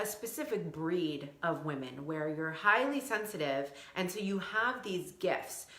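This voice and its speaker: A woman's voice: on the low side, pushed and bright, roomy sound. A woman in her thirties, a coach for sensitive women, giving an effusive livestream talk straight to her viewers.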